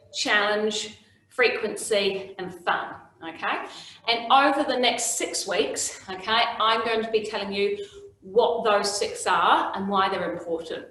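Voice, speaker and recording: A woman's voice: medium pitch, fairly bright tone. A woman instructor leading an online exercise class. She coaches the moves and keeps checking in with "okay?". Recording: very echoey room, voice far from mic.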